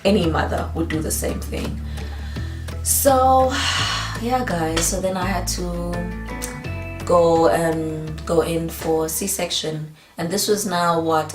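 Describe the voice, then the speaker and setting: A young woman telling a personal story in a slow, hesitant way, with many pauses and fillers. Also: low voice. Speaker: vlogger. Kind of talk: emotional storytime vlog. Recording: roomy echo, a bit off the mic, faint music.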